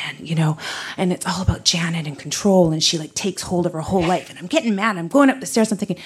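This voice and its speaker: A woman's voice: medium pitch, fairly quick, breathy edge. A woman telling a personal story at a live storytelling night, acting out what people said and laughing often. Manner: animated, acts out quotes, laughs often.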